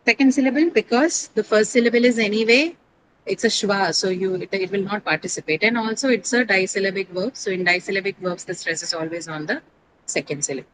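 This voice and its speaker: A woman's voice: medium pitch, fairly quick, background noise. A woman teaching an English class, explaining word stress step by step, spelling out letters and asking her students questions.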